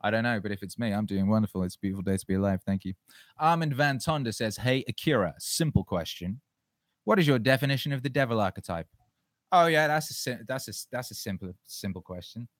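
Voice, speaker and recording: A man's voice: lowish voice, fast, dry recording, clean studio sound. A man hosting a listener question show, chatting loosely and profanely, rambling with frequent restarts. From England. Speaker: podcast host answering listener questions. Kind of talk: casual solo chat.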